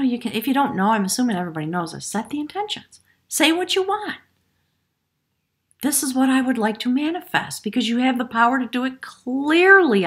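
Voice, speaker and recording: A woman giving a spiritual tarot reading to camera, effusive and emotional, often dropping her voice to a hushed whisper. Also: medium pitch. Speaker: tarot reader.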